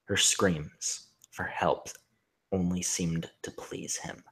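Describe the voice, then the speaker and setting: A husky man reading fan fiction aloud in hushed, half-whispered deadpan narration. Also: low voice, slow. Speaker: reader.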